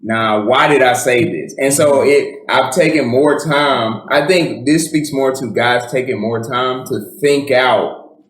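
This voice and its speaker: The podcast co-host has a mid-range, slightly bright voice and an unhurried delivery. His casual chat meanders with frequent fillers and restarts, and the room gives an echoey sound.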